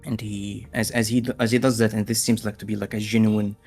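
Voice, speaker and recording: A man's voice: on the low side, little pitch movement, brisk, a little mellow, soft background music. A man narrating a tabletop game as game master, hesitant and full of fillers as he voices other characters.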